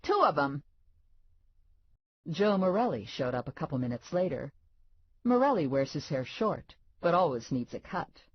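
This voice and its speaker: Low husky woman narrating an audiobook. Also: big pitch swings, moderate pace, no echo, dull audio. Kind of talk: first-person audiobook narration.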